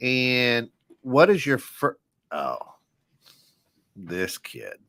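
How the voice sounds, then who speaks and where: A man's voice: medium pitch, very animated, extremely slow, a bit bright, dry recording. A man from southern Iowa co-hosting a talk show, chatty, with lots of restarts and "right?" tags. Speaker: co-host. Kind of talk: casual talk-show banter.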